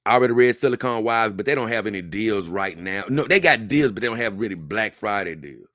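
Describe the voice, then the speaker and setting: Bright, dry-voiced man hosting a stream. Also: fairly low pitch, animated, brisk, no room sound. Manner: reads lists aloud unhurriedly with asides. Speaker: livestream host. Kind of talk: casual livestream chat.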